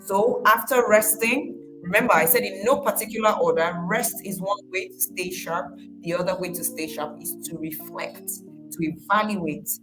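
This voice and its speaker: A woman's voice: mid-range voice, normal speed, poor audio. Woman giving a casual pep talk over music. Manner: conversational, repeats phrases, acts out quoted voices. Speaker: motivational speaker.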